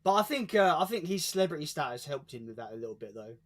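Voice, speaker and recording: A man's voice: on the high side, sing-song, fast talker. A man with a British accent chatting casually on a stream, swearing freely and tripping over his words. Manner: swears freely, stumbles and repeats words, laughs mid-story. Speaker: co-host. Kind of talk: casual chat.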